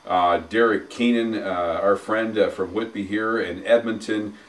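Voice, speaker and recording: A man co-hosting a casual sports talk show who speaks in halting bursts full of fillers, building up enthusiasm as he goes. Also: fairly low pitch, fairly even intonation, fairly bright tone, recorded from a distance. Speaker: podcast co-host and arena announcer.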